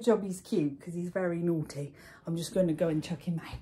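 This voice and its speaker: A young woman talks through her knitting in a casual, gushing way, full of ums and a little out of breath. Her voice sits on the low side, with a faint hum of the room behind her. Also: steady tone, a little fast, dark tone. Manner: chatty, gushing, with frequent ums. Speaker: knitting vlogger. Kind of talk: casual chat. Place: baby's room at home.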